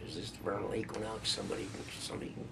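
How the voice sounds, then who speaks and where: A middle-aged man in a casual video blog, reading out a list of foreign phrases haltingly and stumbling over them, with a folksy, self-deprecating manner. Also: fairly low pitch, steady tone, vocal fry, heavy background noise. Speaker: video blogger.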